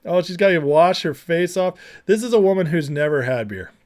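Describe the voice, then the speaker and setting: A man's voice: fairly high pitch, expressive, a little fast, darkish tone. A man hosting a livestream, talking casually, reading chat and mocking clips with frequent laughter. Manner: chatty, laughs often, mocking. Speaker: livestream host.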